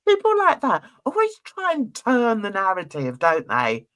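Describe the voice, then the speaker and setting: A woman's voice: on the high side, big pitch swings, unhurried, fairly bright tone. A woman reviewing a reality TV show in casual commentary. She sounds gossipy and blunt, laughs often, and uses cheeky slang.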